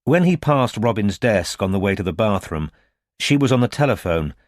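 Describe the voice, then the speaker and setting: A man narrates a detective audiobook in a low, measured voice, keeping an even, unhurried pace. Recorded close on a studio mic, the sound is dry with no echo. It is scripted narration.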